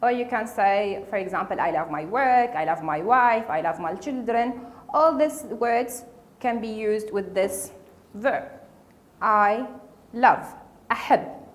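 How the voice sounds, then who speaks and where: A woman's voice: mid-range voice, expressive. Woman teaching. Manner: patient, repeats each word slowly for learners. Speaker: Arabic dialect teacher. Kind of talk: casual spoken language lesson.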